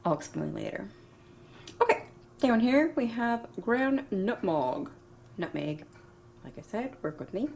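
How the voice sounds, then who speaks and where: Woman chatting slowly to the camera in her kitchen, giggles a lot, folksy and rambly, swears a little. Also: fairly high pitch, big pitch swings, creaky, darkish tone. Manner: folksy and self-deprecating, with mild swearing. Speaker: home baking vlogger. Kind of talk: casual chat to camera.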